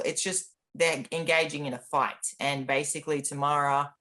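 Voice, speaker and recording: A man speaks as an interview guest, recounting his own experiences. His delivery is candid and matter-of-fact. He pauses on frequent ums and restarts his sentences as he goes. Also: on the high side, steady tone, pushed and bright. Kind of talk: personal storytelling in an interview.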